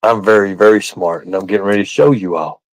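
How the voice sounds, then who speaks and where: A man's voice: on the low side, fast, no room sound, rough recording. A man hosting a live stream, rambling and repeating himself while quizzing his chat with questions. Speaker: livestream host.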